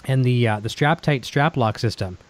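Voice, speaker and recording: A man's voice: mid-range voice, moderate pace, no room sound. A man hosting a casual live-streamed interview, rambling into his questions with plenty of fillers and restarts. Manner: rambling, friendly with many fillers. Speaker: livestream show host.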